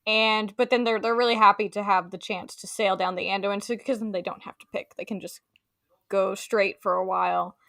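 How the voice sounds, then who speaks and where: A woman's voice: mid-range voice, fairly even intonation, a little fast, creaky, a bit bright, no room sound, studio quality. A woman co-hosting a casual book discussion podcast, chatty with many fillers and playful quoted voices. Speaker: podcast co-host.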